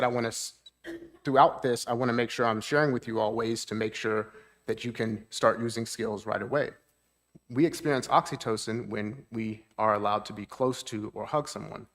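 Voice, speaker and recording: A man's voice: mid-range voice, fairly bright tone. A man, a therapist, giving a talk at a church seminar. He explains things plainly, keeps checking in with the audience, and lifts his voice to act out moods.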